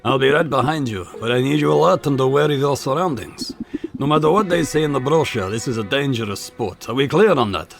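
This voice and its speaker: A man voicing a gruff male mountain guide and trainer in a game, giving firm instructions. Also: medium pitch, animated, a little fast, soft background music, pitched above the performer's own voice.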